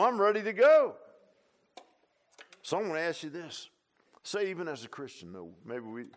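An older man with a drawl delivers a sermon in an animated, folksy manner. His voice sits at an ordinary pitch. He swings between hushed, confiding asides and sudden loud bursts, with a lot of "huh?" and "man" thrown in. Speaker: pastor.

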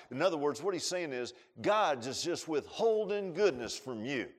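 A man preaching a sermon in a folksy way, rising to loud pleading and dropping to low asides. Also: sing-song. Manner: acts out quotes with drawn-out voices.

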